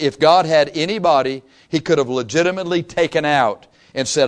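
A man preaching a sermon, impassioned and emphatic, swinging from loud peaks to quiet asides and repeating phrases for emphasis. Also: on the high side, lively intonation, normal speed.

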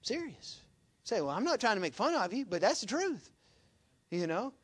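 A man preaching a sermon in a folksy manner, reading scripture loudly and dropping to quiet asides. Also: sits high, very animated, moderate pace, slightly rough.

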